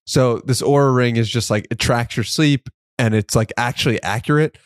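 A man's voice: medium pitch, normal speed, no room sound, clean studio sound. Easygoing podcast host, man. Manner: easygoing, laughs often. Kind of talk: casual podcast chat.

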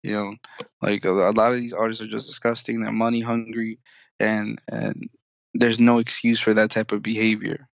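A man's voice: lowish voice, monotone, moderate pace, vocal fry, dry recording. A man on a casual podcast who rambles and hesitates, padding his thoughts with fillers. The sound is close and dry with no room at all, and the audio is a little dull and lo-fi. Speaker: podcast co-host. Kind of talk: casual chat.

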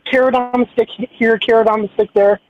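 A man's voice: extremely high pitch, fairly even intonation, fast talker. A hesitant male caller on a dull line. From Minneapolis area. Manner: casual, hesitant, filler-heavy. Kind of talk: phone-in conversation. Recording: dull phone line with faint hiss.

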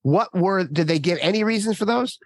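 A man's voice: high voice, lively intonation, a little fast, no room sound. A man hosting a panel discussion, curious and asking follow-up questions. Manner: inquisitive, asks follow-up questions.

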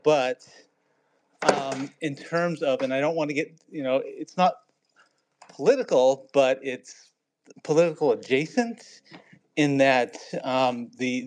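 A man's voice: medium pitch, darkish tone. A man taking part in a casual group conversation, speaking hesitantly with many fillers and restarts.

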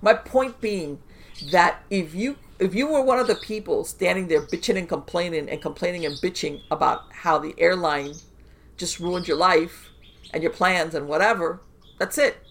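A woman guest on a podcast, telling stories in a casual, animated way with lots of fillers and restarts. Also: fairly low pitch, gravelly. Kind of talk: casual conversational storytelling.

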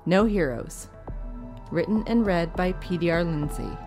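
A woman's voice: fairly low pitch, a little slow, a little mellow, faint music behind. A woman giving a plain, scripted introduction of an author and story for a podcast. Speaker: podcast announcer.

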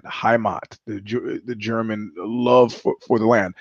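A man's voice: fairly low pitch, steady tone, a little slow, dry recording, lo-fi sound. Sardonic rambling male podcast host. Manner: rambling, sardonic, with frequent restarts. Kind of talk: casual monologue.

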